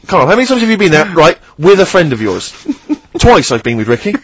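A man's voice: a little high, sing-song, a little fast, background noise. A man co-hosting a radio show, ranting emphatically and in exasperation during studio banter. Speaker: radio co-host.

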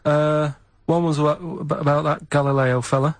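A man who is a regular on a comedy radio show, talking in a blunt, deadpan way. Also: a little high, moderate pace, dry recording.

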